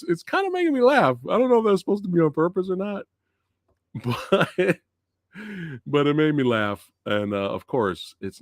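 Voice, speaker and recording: Male stream host, lower voice with big swings in pitch, dry close sound, loose and giggly. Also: dry recording. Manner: laughs often, loose and filler-heavy. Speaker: movie review channel host. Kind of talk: live-stream movie review chat.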